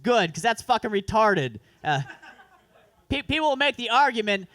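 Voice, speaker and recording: A man's voice: very high voice, animated, moderate pace, sharp tone, no room sound. A man performing a crude, self-deprecating stand-up set at an open mic, rambling through asides. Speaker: stand-up comedian. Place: comedy club open mic.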